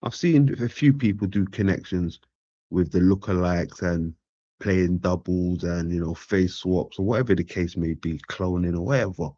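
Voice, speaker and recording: A man's voice: low-pitched, moderate pace, dark tone, dry recording. A man talking in a casual, laid-back monologue. He often repeats phrases and keeps asking "right?". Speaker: commentator. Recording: dull lo-fi dry sound.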